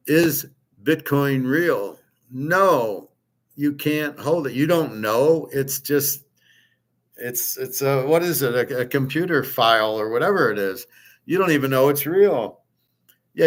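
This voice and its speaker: Rambling sarcastic male host. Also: mid-range voice. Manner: rambling, sarcastic, with frequent restarts. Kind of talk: casual opinionated monologue.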